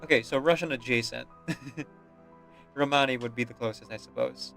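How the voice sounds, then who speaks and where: Relaxed man chatting over a story game. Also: mid-range voice, normal speed, creaky, faint music behind. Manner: relaxed, musing, chuckling asides. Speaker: game streamer. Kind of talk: casual let's-play commentary.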